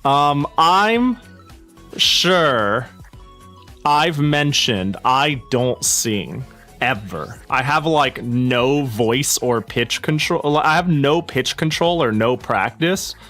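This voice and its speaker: A man's voice: mid-range voice, expressive, extremely slow, bright, forceful tone, faint music behind. A man streaming live, chatting casually and rambling with many restarts and swearing, slightly out of breath. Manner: rambling, self-interrupting, swears freely.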